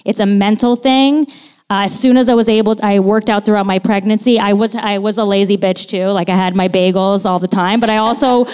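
A woman's voice: mid-range voice, steady tone, a little fast, a little mellow, clear, resonant tone. A woman in her forties chatting as a guest on a live podcast, frank and profane, often restarting her sentences. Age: 40s. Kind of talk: casual live podcast chat. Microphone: studio mic at a live show.

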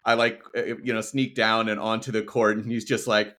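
A man on the lower side of the usual pitch range, chatting on a podcast he co-hosts. He rambles, starts sentences over and swears casually, like a young adult who feels at ease. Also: level tone, moderate pace, fairly bright tone. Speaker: podcast co-host. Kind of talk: casual chat.

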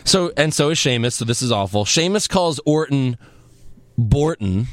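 Young man, podcast host, sarcastic, animated, dry recording. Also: medium pitch, brisk, dry recording. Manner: lively, sarcastic, mimics people. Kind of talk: casual wrestling recap chat.

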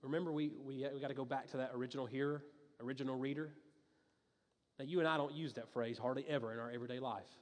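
A man's voice: mid-range voice, fairly even intonation, quick pace. A man preaching a sermon as a pastor, talking in a conversational and emphatic way, with frequent restarts and asides. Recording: long reverb of a large hall.

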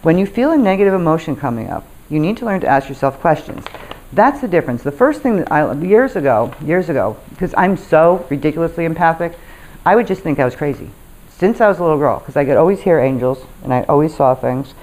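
Lively low-voiced woman telling stories. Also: fast talker, poor audio. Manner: animated, laughs often, swears freely. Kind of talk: casual storytelling monologue.

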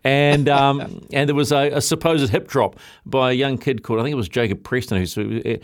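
A man's voice: mid-range voice, steady tone, moderate pace. A man hosting a casual sports radio show, bantering playfully and teasing his co-host. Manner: playful, teasing, laughs often.

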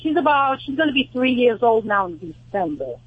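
A woman's voice: fairly high pitch, big pitch swings, brisk, slightly rough, no room sound, phone-quality sound. A woman caller with a New York accent, telling her story in a chatty way.

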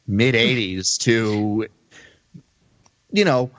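A man's voice: lowish voice, very slow, fairly bright tone, dry recording. A man co-hosting a podcast in casual chat, easygoing and agreeable. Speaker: podcast co-host. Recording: dry, dull lo-fi audio.

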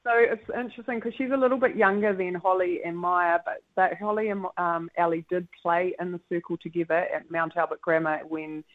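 A woman's voice: lowish voice, fairly even intonation, fairly quick, hardly any pauses. New woman coach on a phone line. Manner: thoughtful, with frequent fillers and laughs. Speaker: netball coach guest. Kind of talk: casual radio interview. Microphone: phone call.

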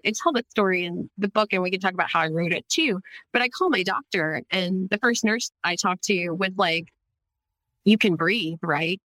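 A woman's voice: on the low side, pushed and bright, dry recording, poor audio. A woman giving a radio interview as an author, speaking candidly and filling her sentences with "like" and "right?". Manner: candid, fills speech with "like" and "right?".

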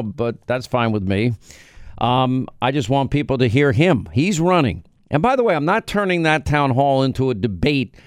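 A man's voice: mid-range voice, smooth, no echo, studio quality. An American man hosting a talk radio show, delivering an emphatic, conversational monologue with frequent restarts. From United States.

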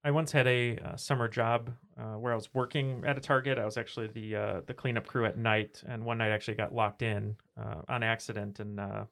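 A man's voice: fairly low pitch, level tone, fairly quick, gravelly, few pauses, a bit bright. A man on a trivia podcast, chatting casually and spinning joking tall tales. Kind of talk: casual chat.

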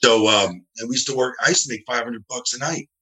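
A middle-aged man from New Jersey, a guest telling animated, rambling stories in a casual interview. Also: mid-range voice, fast, low-quality recording. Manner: rambling, animated, acts out quoted dialogue.

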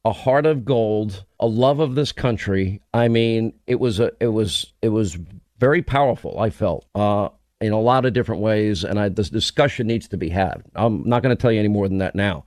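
A man's voice: lowish voice, moderate pace, a little mellow, dry recording, clean studio sound. A man with a New York accent, hosting a radio show in casual, rambling chat with many restarts.

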